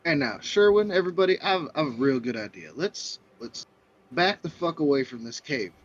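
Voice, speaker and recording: A man's voice: a little high, lively intonation, moderate pace. A man playing a tabletop game, urging the others in character. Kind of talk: in-character role-play. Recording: dull lo-fi mic.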